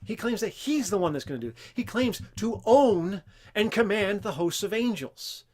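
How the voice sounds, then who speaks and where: A man's voice: high voice, expressive, moderate pace, a little mellow. A man hosting a Christian teaching show, talking earnestly and emphatically without a script and breaking into raised voices when he quotes scripture. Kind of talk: unscripted religious teaching talk.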